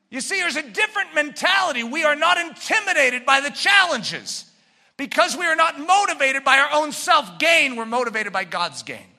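Fiery preacher man, high and lively. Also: moderate pace, in a large hall. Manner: fervent, swings from shouting to muttered asides. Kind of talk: sermon.

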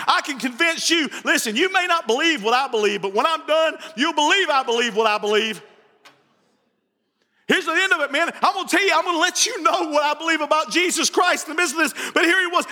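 Man, preaching, very high voice, lively and animated delivery, reverberant church hall. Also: fairly quick. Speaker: pastor. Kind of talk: sermon.

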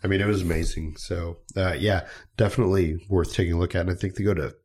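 A man co-hosting a podcast in casual chat, talking in a relaxed, agreeable way with plenty of fillers and restarts. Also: low-pitched, fast talker. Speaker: podcast co-host.

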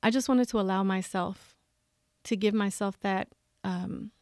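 A woman speaking openly about her grief as a guest in a conversation, expressive and laughing often. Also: mid-range voice, unhurried, no room sound, clean studio sound.

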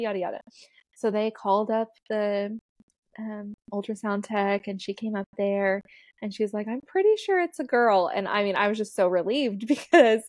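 In a clean, dry studio recording, a fairly high-pitched woman in her thirties chats her way through her birth story. She is a doula guesting on a podcast, and the relaxed storytelling interview is full of laughter and filler words.

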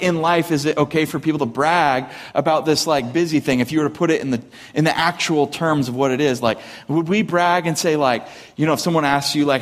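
Casual pastor in a reverberant hall. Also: male voice, fairly high pitch. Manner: conversational, animated, jokey asides to the congregation. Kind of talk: casual sermon. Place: church hall with live congregation.

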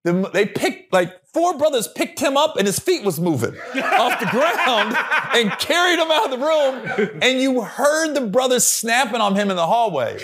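A man's voice: very high-pitched, moderate pace. A comedian telling stories in casual podcast chat, acting out voices and laughing as he goes. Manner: animated storyteller, acts out voices and laughs. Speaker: comedian guest.

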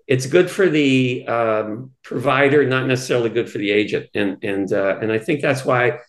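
A man's voice: medium pitch, normal speed. A man speaking as a guest on a podcast, chatty and self-deprecating, often restarting his sentences. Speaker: guest, real estate brokerage co-founder. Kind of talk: casual interview chat. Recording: roomy echo.

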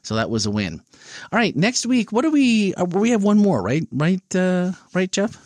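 A man hosting a church podcast in casual chat, animated and jokey, laughing at his own jokes. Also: high-pitched, normal speed, dry recording, studio quality.

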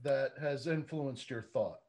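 A man interviewing a guest, asking short questions in a soft, unhurried way. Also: mid-range voice.

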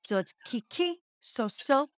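A woman's voice: high voice, lively intonation, a little slow, no room sound, studio quality. A middle-aged woman co-hosting a podcast, talking casually and earnestly as she teaches a chanted breathing practice and laughs at herself. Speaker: podcast co-host and yoga teacher. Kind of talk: casual chat.

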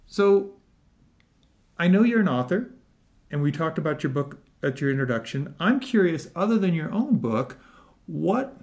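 A man hosting a podcast interview, talking in a relaxed, animated way and laughing often. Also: fairly high pitch, moderate pace. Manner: animated, laughs often, puts on voices in quotes. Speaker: podcast host. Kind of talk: casual interview chat.

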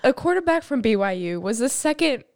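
A teenage girl talks eagerly about her day and her crushes. Her voice is on the higher side, and she is chatty and upbeat. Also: very animated, fairly quick, darkish tone. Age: teens. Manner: chatty, enthusiastic storyteller. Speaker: guest, friend of daughter. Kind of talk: casual chat.

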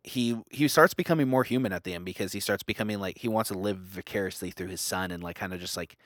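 A man's voice: low voice, fast talker, fairly bright tone, no room sound, clean studio sound. A young man in casual book talk, rambling with many fillers and restarts. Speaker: book discussion co-host.

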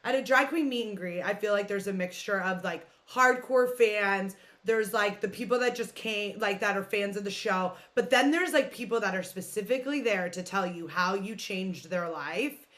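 A woman's voice: mid-range voice, normal speed, hardly any pauses, a bit bright. A woman hosting a podcast, talking in a chatty, rambling, frank way with frequent swearing. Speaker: podcast host. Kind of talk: casual chat.

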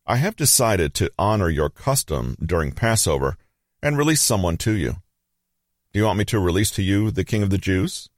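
A man's voice: sits low, very animated, normal speed, no room sound, studio quality. A man voicing a troubled, reluctant Roman governor who argues and pleads with an angry crowd. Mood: formal.

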